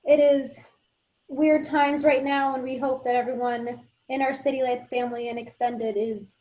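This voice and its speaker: A woman's voice: high-pitched, level tone, moderate pace, dark tone. A woman hosting a theater talk show over a video call, upbeat as she thanks guests and reads notices. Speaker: host. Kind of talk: show announcements.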